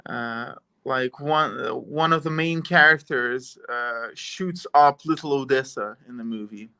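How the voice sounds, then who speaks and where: A man's voice: mid-range voice, unhurried, pushed and bright, smooth. A man from Italy hosting a podcast, rambling in a loose, conversational way. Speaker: podcast host. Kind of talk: casual podcast chat.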